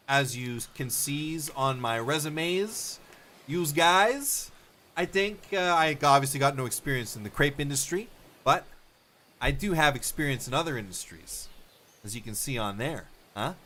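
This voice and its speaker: A cocky young job applicant who bluffs his way through every question, as a man plays him in an improv sketch. His voice is bright and forward, and he drawls his words with easy overconfidence. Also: mid-range voice, expressive. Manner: breezy, overconfident, drawn-out delivery.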